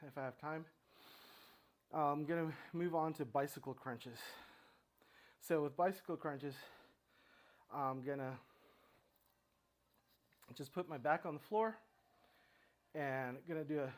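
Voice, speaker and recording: A middle-aged man narrates his home exercise routine in a casual, halting way, often restarting his sentences. He gets winded between sets, and his speaking voice sits slightly higher than most men's. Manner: halting, talks himself through exercises with many restarts. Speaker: fitness vlogger. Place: home room with his dogs.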